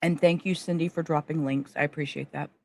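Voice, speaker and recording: A woman's voice: low voice, fairly even intonation, a little fast, a little mellow. A woman hosting a live stream, making casual, chatty asides to her viewers. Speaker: livestream host.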